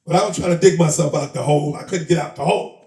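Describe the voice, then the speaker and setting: Roomy, animated New man telling stories. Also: a little high, very fast. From the Bronx, New York. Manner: streetwise, laughing, acts out voices in his stories. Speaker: interview guest, rapper and comedian. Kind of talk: animated storytelling in casual chat. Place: live event in a shop. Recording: roomy sound, a bit far from the mic.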